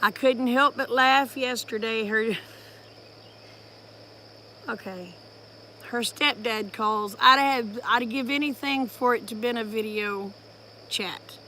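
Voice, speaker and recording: A woman's voice: a little high, slow, pauses often, bright, forceful tone, slight background noise. A woman, casually telling a family story to her live-stream viewers and breaking off to greet them. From Oklahoma, USA.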